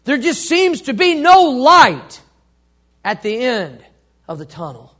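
A male pastor preaching a sermon, leading the congregation in call-and-response and swinging between loud emphasis and hushed, slow phrases. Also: very high-pitched, sing-song.

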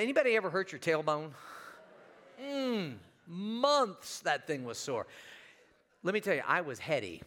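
A man's voice: sits high, sharp tone. A middle-aged man preaching a sermon in church, telling a funny story and putting questions to the congregation. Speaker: pastor. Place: church sanctuary.

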